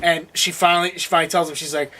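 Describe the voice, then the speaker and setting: A young man co-hosting a casual review chat, talking excitedly, laughing often and acting out lines from the show. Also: fairly high pitch, rapid-fire, slight background noise. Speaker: co-host.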